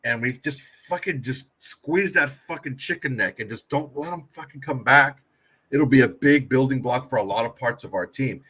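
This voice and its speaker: A man's voice: medium pitch, moderate pace, a bit bright, slightly rough. Man, podcast co-host, blunt, emphatic, heavy swearing. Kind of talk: casual sports podcast chat.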